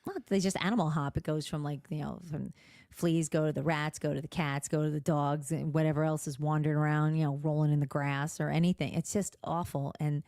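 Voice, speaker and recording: A middle-aged woman co-hosting a casual podcast, animated and expressive as she tells stories. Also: sits low, fairly quick, dry recording, studio quality. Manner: animated, expressive, laughs often. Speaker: podcast co-host. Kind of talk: casual chat.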